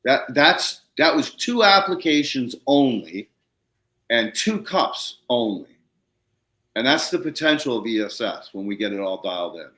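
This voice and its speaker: A man's voice: mid-range voice, big pitch swings, unhurried, a bit bright, reverberant. A man hosting a podcast, telling a story in a casual, slangy way and acting out both sides of phone calls. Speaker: podcast host.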